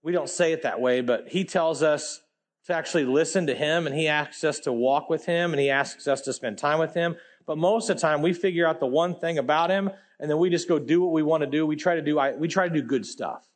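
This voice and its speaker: A man with a high-pitched voice preaches a sermon in a loose, animated style, dropping slang as he goes. He keeps swinging from loud, emphatic peaks down to quiet, low asides. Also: fairly quick.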